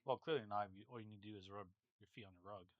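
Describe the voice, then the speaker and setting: Fast-talking man in casual chat. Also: on the low side, fairly even intonation, no echo, muffled recording. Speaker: podcast co-host.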